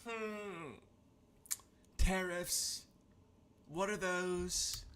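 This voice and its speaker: A male streamer from Canada in casual chat, his voice pitched noticeably high for a man. He talks in a sardonic, crude way, dropping deadpan jokes. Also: drawn-out words, a little hiss or hum.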